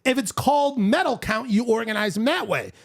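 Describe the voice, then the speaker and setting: An excitable man hosting a podcast, talking in a high, bouncy voice that swings widely in pitch. His tone has a gravelly edge, and the sound is close and dry. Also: a little fast, dry recording. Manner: animated, excitable, says dude a lot. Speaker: podcast host. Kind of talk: casual chat.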